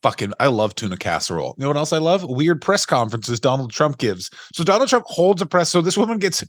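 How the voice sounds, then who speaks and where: Podcast man, profane ranting co-host, slightly high voice, dry sound. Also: big pitch swings, fast, no echo. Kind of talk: casual chat.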